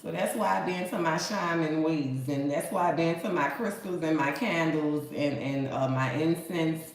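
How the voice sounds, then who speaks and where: A woman's voice: low voice, moderate pace. A woman with a New Orleans accent chatting casually to her viewers, folksy and talkative, calling them honey and baby. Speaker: vlogger. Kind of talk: casual chat to camera. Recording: echoey room with faint ambience.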